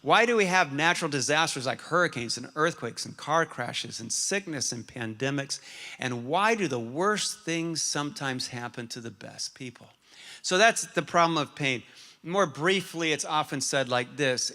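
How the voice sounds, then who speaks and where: A man preaching a sermon as pastor, moving between self-mocking humor and earnest, quiet reflection. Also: fairly high pitch, expressive, a little slow. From Arizona, USA. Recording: reverberant hall.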